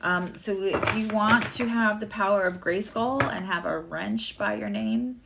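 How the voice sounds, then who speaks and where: A woman's voice: medium pitch, a little slow, vocal fry, background noise. A woman giving a casual live tarot and astrology reading, chatty and rambling with many fillers and asides.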